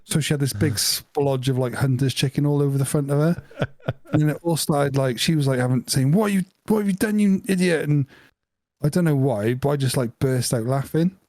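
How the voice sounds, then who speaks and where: A man with a mellow, relaxed tone, chatting casually and spinning a long, meandering story. His voice sounds dry and close, with no room around it. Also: medium pitch, a little fast, no echo. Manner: rambling anecdote with laughs and acted-out quotes. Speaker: podcast co-host.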